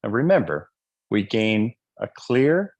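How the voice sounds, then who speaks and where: A motivational speaker delivers a fervent live speech, often asking the audience questions and acting out quotes in changed voices. His voice is on the low side and creaky, sing-song, and slow-paced.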